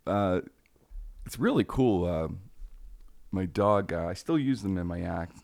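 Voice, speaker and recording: A man's voice: sits low, measured pace, dry recording. A man, a radio personality telling stories on a casual podcast, acting out quoted lines with animation. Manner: animated, acts out quotes in a raised voice.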